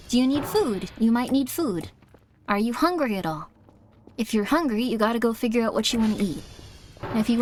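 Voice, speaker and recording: A woman streaming a game, talking in a chatty, playful way, easily startled and soft when guiding a breathing exercise. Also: a little high, slight background noise. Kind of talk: casual game commentary.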